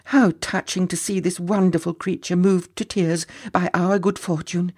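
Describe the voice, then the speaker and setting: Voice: medium pitch, little pitch movement, moderate pace, a little mellow, natural voice. A storyteller voicing a doting young princess in a storybook, gushing and fond in a sweetly formal way. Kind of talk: storybook character voice.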